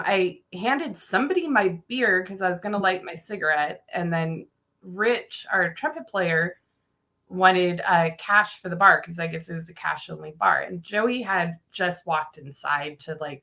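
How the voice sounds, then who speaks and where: A woman casually telling a story on a podcast, animated, swearing and laughing as she goes. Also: on the low side, unhurried, gravelly.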